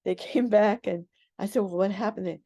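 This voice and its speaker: An older woman who is a guest on a radio interview, recounting her past in an animated way and acting out the voices of people she quotes. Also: medium pitch, normal speed. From United States.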